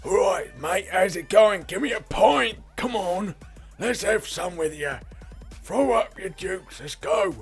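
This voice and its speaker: A man's voice: high voice, animated, takes it slowly, creaky, faint music behind, pitched above the performer's own voice, heavily acted. A man voicing a brash, pint-loving male brawler hero who talks in a blustery, matey way. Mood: swaggering.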